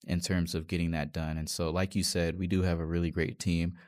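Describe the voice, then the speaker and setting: A man's voice: deep voice, level tone, a little fast, darkish tone. A man in a casual conversation who speaks earnestly and often agrees with the other speaker. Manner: affirming, often says "right", earnest.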